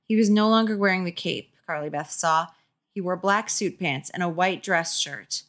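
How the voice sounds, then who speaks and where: A woman's voice: on the low side, moderate pace, fairly bright tone. A woman with a sore throat reading a children's horror book aloud, breaking in with sarcastic, mocking asides. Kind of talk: comedic book reading with commentary.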